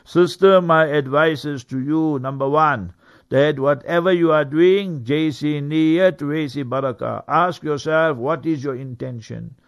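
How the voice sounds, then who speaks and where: A man with a somewhat raised pitch teaches like a preacher on the radio. He talks earnestly and leans on key words for emphasis. Now and then he breaks into quick Arabic recitation. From South Africa. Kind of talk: religious talk on Quran verses. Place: radio studio.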